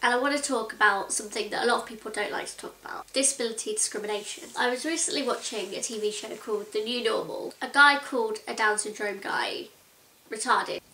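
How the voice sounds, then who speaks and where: A vlogger in her twenties talks fast to camera in a high, bright, forceful voice, chatty, earnest and exasperated, saying "like" constantly. The room is echoey.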